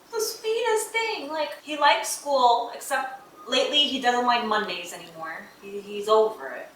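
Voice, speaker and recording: A woman's voice: medium pitch, sharp tone, recorded from a distance. A woman vlogging to camera as the mother of an autistic son, talking in a heartfelt, chatty way full of "like" and "um". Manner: heartfelt, chatty, many fillers like "like" and "um". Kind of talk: casual talk to camera. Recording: echoey room, voice a bit off-mic, faint noise.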